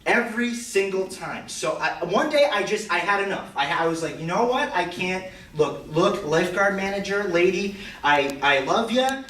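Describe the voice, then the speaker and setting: Teen male stand-up, bright, rambling self-deprecating delivery, heard from afar in an echoey hall. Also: lively intonation, normal speed, few pauses, far from the mic. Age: teens. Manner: rambling, self-deprecating, stammering restarts, high squeaky quoted voices. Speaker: student stand-up comic. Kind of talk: stand-up storytelling. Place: school auditorium stage. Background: audience laughter.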